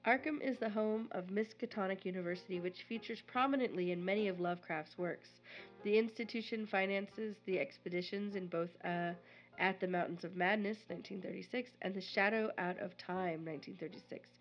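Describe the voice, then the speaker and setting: A woman's voice: mid-range voice, brisk, lo-fi sound, faint music behind. Woman podcast co-host, playful. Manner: playful, laughs often, reads passages aloud. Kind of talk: casual podcast chat and reading.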